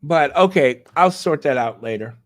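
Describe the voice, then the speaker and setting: In this casual live reaction commentary, a man who hosts a channel talks right to his viewers, thinking out loud as he goes. He speaks at a normal speed with lively intonation, and his fairly high voice is a bit bright.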